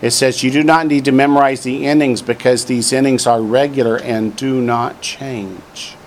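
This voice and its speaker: A man's voice: mid-range voice, steady tone, moderate pace, a little hiss or hum. A man teaching a class from a textbook, drilling vocabulary and adding dry joking asides. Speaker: Hebrew teacher. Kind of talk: classroom lesson, reading from a textbook.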